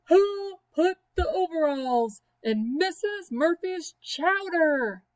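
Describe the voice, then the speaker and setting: A woman voicing an indignant woman who keeps repeating her question louder, in a high, shrill, strained shout. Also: expressive, slow, exaggerated voice. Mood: insistent.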